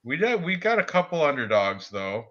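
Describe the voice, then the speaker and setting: A man co-hosting a casual sports betting chat, talking excitably and laughing at his own jokes. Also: on the high side, normal speed, lo-fi sound, a crowd in the background. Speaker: podcast co-host.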